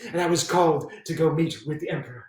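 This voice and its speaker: A man's voice: on the high side, quick pace, natural voice. A brash, scheming British officer narrates his exploits with theatrical flair, as a man acts him out. It is a one-man stage monologue, picked up from far off in a space with heavy reverberation. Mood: boastful. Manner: theatrical, with swings between exasperation and boastful narration. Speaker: solo stage performer.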